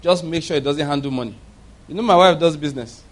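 A high-pitched male preacher from Nigeria delivering a sermon. He drops into low, quiet storytelling, then climbs into loud exhortation. He keeps putting rhetorical questions to the congregation. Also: fast. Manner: swings between low murmurs and loud exhortation.

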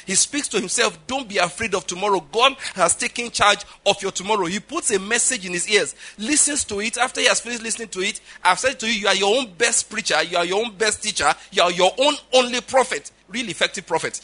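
With a high, bright and forceful voice, a middle-aged man delivers a sermon as pastor. His emphatic style includes frequent checks on his audience, like "all right?" and "do you understand?"

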